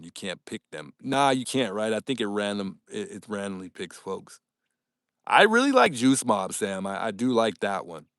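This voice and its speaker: A man's voice: fairly low pitch, no echo, clean studio sound. Upbeat man chatting with livestream viewers. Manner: upbeat, animated, thanks viewers often. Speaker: livestream host. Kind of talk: casual livestream chat reading viewer comments.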